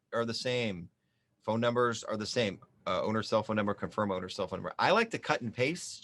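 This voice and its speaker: A small business advisor demonstrates an online application in a screen-share tutorial, chatting, joking and thinking aloud as he types. His voice sits on the low side and sounds a bit bright.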